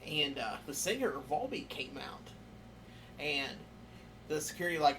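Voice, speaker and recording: A man on a podcast who gets loud and excited telling concert stories. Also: on the high side, normal speed, slight background noise. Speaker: podcast host. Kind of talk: casual podcast chat.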